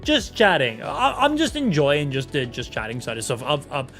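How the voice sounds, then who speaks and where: A man's voice: mid-range voice, huge pitch swings, moderate pace, a bit bright, soft background music. A young Irish man in his twenties chatting casually on a live stream, swearing freely and reacting to chat. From Ireland. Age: 20s. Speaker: gaming streamer.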